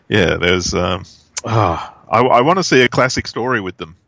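Gravelly low Australian man, halting chat. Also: no room sound. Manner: relaxed, halting, repeats words. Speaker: podcast co-host. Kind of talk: casual chat.

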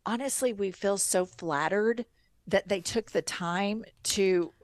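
A woman guesting on a comedy podcast, chatting in a dry, joking way and now and then sliding into a low, put-on sexy voice. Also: slow pace, no room sound. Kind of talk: casual comedic chat.

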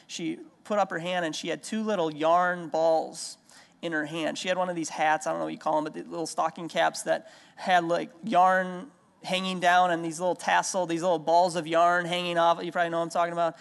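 A man's voice: fairly high pitch, level tone, a little fast, creaky, smooth. A man in his thirties preaching an earnest sermon, repeating key lines for emphasis and telling everyday stories. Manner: storytelling with everyday anecdotes. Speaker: pastor. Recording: long hall reverb.

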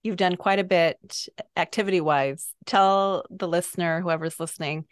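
A woman's voice: lowish voice, normal speed, clear, resonant tone, dry recording, clean studio sound. A middle-aged woman hosting a casual podcast chat, effusive and chatty with frequent ums. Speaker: podcast host.

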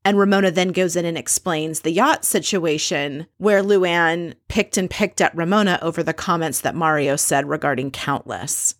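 A woman with a fairly low voice gives a chatty, gossipy recap of a reality show episode. Her voice is close and dry, with no room sound around it. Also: normal speed, hardly any pauses, dry recording. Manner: chatty, gossipy, acts out quotes. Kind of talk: casual recap monologue.

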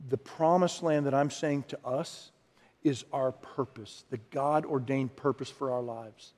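A man preaching a sermon, animated and often acting out quoted voices, with frequent restarts. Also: medium pitch, measured pace. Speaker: pastor. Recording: long hall reverb.

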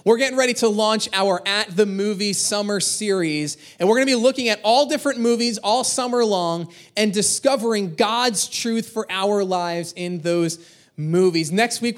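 A man in his thirties, a pastor preaching a sermon and telling stories, energetic and animated. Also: high voice. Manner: energetic, animated, acts out quotes. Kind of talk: sermon with personal storytelling.

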